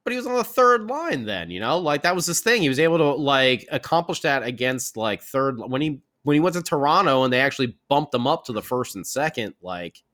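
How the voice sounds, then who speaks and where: Man, mid pitch, measured analytical hockey chat, casual podcast co-host. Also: very animated, fairly bright tone.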